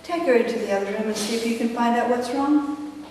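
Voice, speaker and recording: Woman playing a high, worried mother. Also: a little fast, darkish tone, slight background noise, natural voice. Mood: concerned. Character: concerned mother, gentle. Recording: echoey hall from far off.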